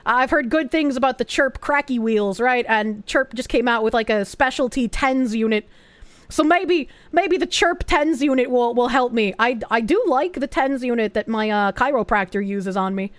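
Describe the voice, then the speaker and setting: A woman streamer talking casually to her chat, quick to get excited and free with swearing. Her voice sits high. The sound is dry and close, with no room in it. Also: no echo. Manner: excitable, swears freely, reads chat aloud.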